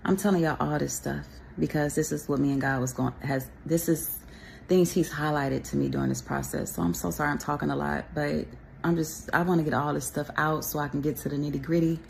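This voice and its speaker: A woman with a very gravelly voice, low for her sex, talking to camera. She shares a personal faith testimony in a loose, rambling, chatty way and drops in pious asides. Faint noise sits under her voice. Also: fairly even intonation, a little fast. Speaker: vlogger sharing a faith testimony.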